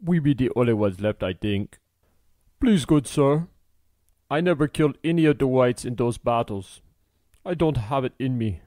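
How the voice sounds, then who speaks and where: A man's voice: mid-range voice, expressive, normal speed, warm tone, dry recording, close to an everyday voice. Brief: man reading as a skinny frightened fugitive, pleads anxiously, close and dry. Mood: pleading. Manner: nervous, pleading. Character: nervous pleading runaway man, skinny and hungry.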